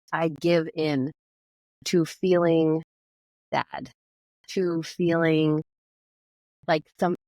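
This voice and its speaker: A woman's voice: low voice, a little mellow, no room sound, poor audio. A woman, a physical therapist and yoga teacher, telling a personal story as a podcast guest, acting out her own past words. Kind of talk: conversational storytelling.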